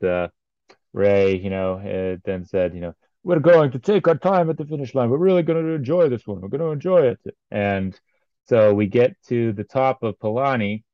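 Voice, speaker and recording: A man's voice: low-pitched, smooth, dry recording, lo-fi sound. A man recounting a race in casual podcast chat, rambling with many ums and uhs.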